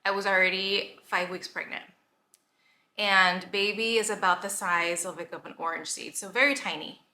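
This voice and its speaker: A woman in her thirties, a vlogger and health coach, talks casually for her pregnancy vlog with a medium pitch, fairly even intonation, normal speed, and a sharp tone. She's emotional and a bit winded, leaning heavily on "like," and the room is echoey with a faint hum of noise.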